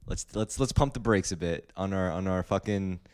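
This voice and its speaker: A man's voice: low-pitched, moderate pace, a little mellow, clear, resonant tone. A man co-hosting a podcast, laid-back and joking in casual chat, laughing often and using slang. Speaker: podcast co-host.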